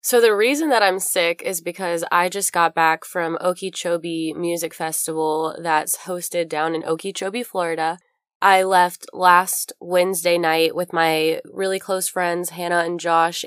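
A woman's voice: lowish voice, clean tone, no echo, clean studio sound. A young woman hosting a podcast, telling a story in a chatty way while getting over a cold. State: recovering from a cold. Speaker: podcast host. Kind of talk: casual chat.

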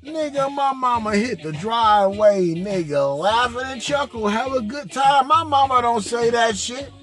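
A man with a rather high voice tells a crude, comic story in a monologue. He is profane and boisterous and drags some words out. Faint music plays behind him. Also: lively intonation, unhurried, fairly bright tone. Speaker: podcast host.

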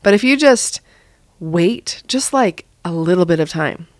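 A young woman and mother chatting casually about parenting, acting out her own lines in a higher voice. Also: lively intonation, unhurried, no echo, studio quality. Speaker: mother sharing parenting advice. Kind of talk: casual podcast chat.

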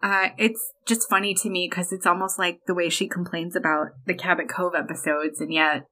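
Opinionated, animated woman podcast host. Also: on the low side, rough recording. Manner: animated, opinionated, quick asides. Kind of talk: casual film discussion.

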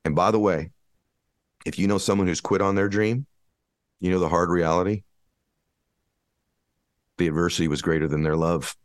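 A man's voice: low-pitched, steady tone, normal speed, pauses often, no room sound, studio quality. A man giving an impassioned motivational talk, hammering his points with repeated rhetorical questions. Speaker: motivational speaker.

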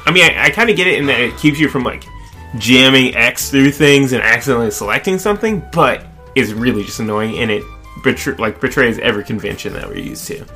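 Chatty young man, bright voice. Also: medium pitch, fairly quick, faint music behind. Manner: chatty, animated asides. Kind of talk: casual chat about video games.

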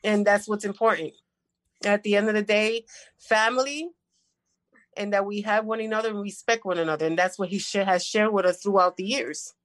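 A woman's voice: mid-range voice, steady tone, a little fast, no room sound, rough recording. A woman in her fifties, from New York, giving a heartfelt, tender tribute to her father on a family video call. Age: 50s.

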